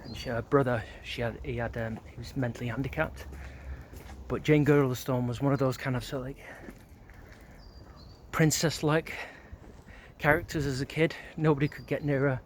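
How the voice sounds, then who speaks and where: A man's voice: mid-range voice, fairly even intonation, moderate pace, slight background noise. A middle-aged man walks around an outdoor neighbourhood. He reminisces in a loose, rambling way, full of filler words and casual swearing. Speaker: vlogger.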